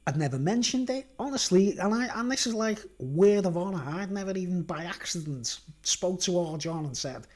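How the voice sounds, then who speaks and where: At home on a casual livestream, a man with a Merseyside accent tells a long story, emphatically stressing his points and repeatedly asking "right?" and "do you understand?" to check in with the listener. His voice sits high and is a little mellow, with lively intonation, a moderate pace and hardly any pauses.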